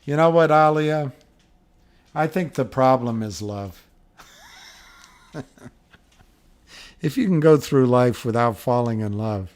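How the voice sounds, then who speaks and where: A man's voice: mid-range voice, takes it slowly, pauses often, darkish tone. A middle-aged man hosting a livestream, chatting casually and rambling through viewer comments with frequent chuckles. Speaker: livestream host.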